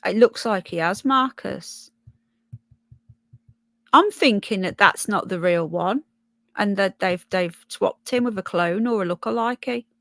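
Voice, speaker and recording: A woman from Birmingham, England, speaks with a Brummie accent touched by Yorkshire, her mid-range voice a bit bright with vocal fry and a measured pace. Hosting a casual livestream, she reads comments and news, blunt and sweary, calling viewers "love." The audio is studio quality with no echo.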